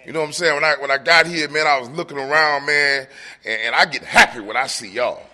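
A man from Atlanta sharing at a recovery meeting, excitable and joking, swearing freely and laughing as he talks. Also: a little high, fast talker. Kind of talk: personal testimony at a meeting.

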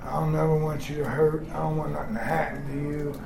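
A man in his forties giving a raw, profane personal testimony to a group, swinging between shouting and hushed talk. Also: fairly high pitch, flat delivery, quick pace, gravelly. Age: 40s. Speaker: speaker sharing his story with a group. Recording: echoey room with background noise.

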